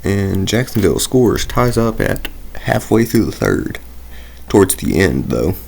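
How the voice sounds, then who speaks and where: Low gravelly young man rambling over gameplay. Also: very animated, unhurried, a little mellow. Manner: rambling, drifts into tangents and talks to himself. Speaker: gaming video creator. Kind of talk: casual gameplay commentary.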